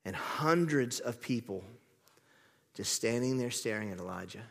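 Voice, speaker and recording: A man's voice: mid-range voice, expressive, normal speed, creaky, a bit bright, big-room sound. A man preaching a sermon, telling the story in a playful, chatty way and asking the crowd questions.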